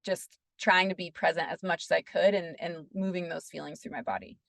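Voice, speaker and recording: A woman's voice: lowish voice, steady tone, brisk, gravelly, a bit bright, no room sound. A woman being interviewed on a podcast, telling a personal story in an earnest, casual way and leaning on "like" a lot. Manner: earnest, peppers speech with "like". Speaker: podcast guest.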